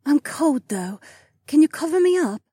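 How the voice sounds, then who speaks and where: A man voicing a teasing young woman in a story, speaking softly and breathily with sighs. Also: very high-pitched, very animated, no room sound, studio quality, voice pushed up. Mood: breathy teasing. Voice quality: breathy, soft. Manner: slow, sighing, murmured.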